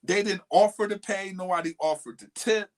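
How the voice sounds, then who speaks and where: Co-hosting a podcast, a man casually and animatedly recounts a friend's dating story, quoting lines along the way. He speaks at a moderate pace in a voice that sits high.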